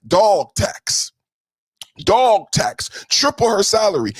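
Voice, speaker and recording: A man hosts a profane political livestream in a raised, husky voice. His pitch leaps all over as he mocks, shouts and sing-songs his taunts, and the sound is dry and close. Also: big pitch swings, normal speed, no echo. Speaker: podcast host.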